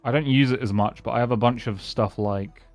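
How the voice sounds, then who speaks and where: A man's voice: mid-range voice, brisk, music in the background. A man streaming a game live, rambling casually and answering his chat as he plays. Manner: rambling, chatty, answers chat and thanks followers.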